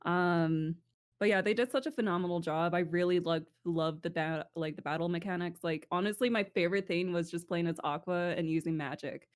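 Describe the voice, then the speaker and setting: A woman's voice: on the low side, steady tone, fairly quick. A woman chatting as a podcast guest, blunt and laughing often, with frequent swearing. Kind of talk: casual chat.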